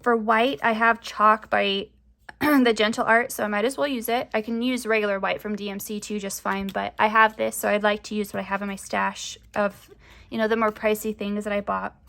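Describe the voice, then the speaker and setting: A woman's voice: medium pitch, little pitch movement, moderate pace, vocal fry, a bit bright. A young woman chatting casually to camera as a crafting vlogger, rambling with lots of fillers, her voice often rising at the ends of sentences.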